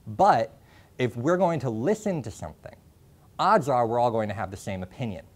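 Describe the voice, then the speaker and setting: A young man presenting a classroom workshop, talking in a halting way with many ums and restarts. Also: mid-range voice, lively intonation. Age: young adult. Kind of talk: classroom lecture. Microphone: lapel mic.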